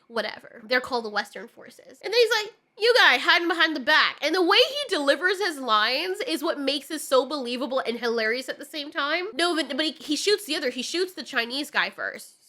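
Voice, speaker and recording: A woman's voice: sits high, expressive, brisk, sharp tone. A woman giving a ranting casual film review, exasperated and sarcastic, swearing often. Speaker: movie reviewer.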